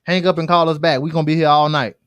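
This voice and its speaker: A man's voice: a little high, steady tone, quick pace, fairly bright tone, a little hiss or hum. A young man hosting a casual podcast chat, playful and boastful, full of slang. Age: young adult. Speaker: host.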